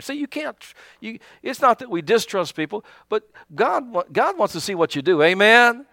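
A man pastor preaching a sermon, animated, calling out to his congregation and acting out little asides. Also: high-pitched, moderate pace, creaky, hardly any pauses, no room sound, clean studio sound.

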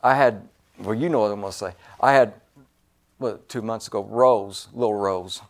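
A man preaching a sermon, emphatic and repetitive, swinging between loud stresses and hushed asides. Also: lowish voice, moderate pace.

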